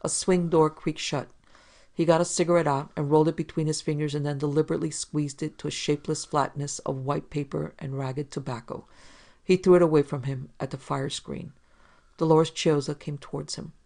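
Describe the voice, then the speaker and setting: A podcast narrator reading a 1940s crime story in an even, measured way. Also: medium pitch, creaky.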